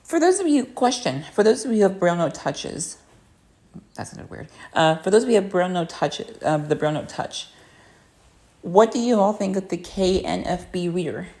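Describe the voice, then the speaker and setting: A woman with a lowish voice chats casually on a home livestream. She rambles along, padding her talk with fillers and restarting her sentences often. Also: lively intonation, normal speed, a little mellow. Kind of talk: casual chat.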